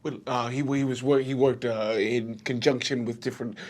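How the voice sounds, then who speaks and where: A man's voice: medium pitch, steady tone, moderate pace, lightly acted. A man voicing a cocky, evasive teenage rich boy who hedges and stumbles with fillers. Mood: defensive. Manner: hesitant with fillers, smug.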